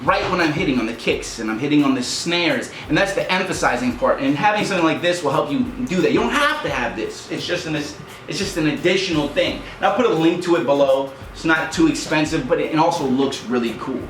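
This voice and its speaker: A man's voice: fairly high pitch, animated, brisk, fairly bright tone, slight background noise. A man hosting a rap tutorial, explaining in a casual, upbeat way and counting out beats. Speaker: rap coach and channel host. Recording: echoey room with music behind.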